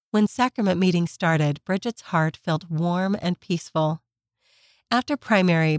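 A woman narrating a children's story in a gentle, measured scripted reading. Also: fairly low pitch, no echo.

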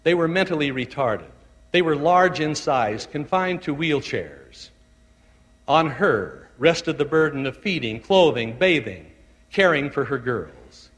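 A man, a bishop, telling a sermon story in a measured, tender, deliberate way. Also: on the high side, big pitch swings, a bit bright, big-room sound.

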